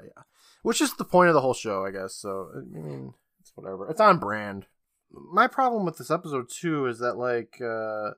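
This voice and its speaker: A man's voice: medium pitch, fairly bright tone, no room sound, clean studio sound. A man co-hosting a casual podcast, recapping episodes with a chatty manner, acting out quotes and laughing often.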